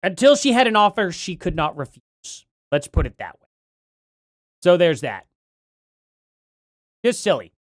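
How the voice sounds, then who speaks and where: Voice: mid-range voice, sing-song, measured pace, pauses often, no echo, studio quality. A streamer giving live commentary on a debate, rambling and jokey, then getting heated in rants.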